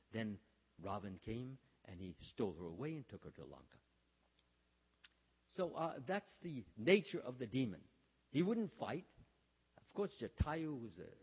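A man giving a storytelling sermon, talking haltingly with many fillers and restarts, and acting out the lines he quotes. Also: medium pitch, slightly rough. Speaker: religious speaker. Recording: dull, reverberant hall sound.

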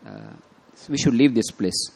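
A man voicing a resigned teacher who speaks in a measured way. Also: lowish voice, huge pitch swings, vocal fry, darkish tone, exaggerated voice.

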